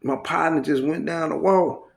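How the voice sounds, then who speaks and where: Gravelly man telling street stories. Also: on the high side, normal speed. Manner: profane, street slang, animated retelling. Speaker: storyteller recounting prison life. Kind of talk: casual storytelling.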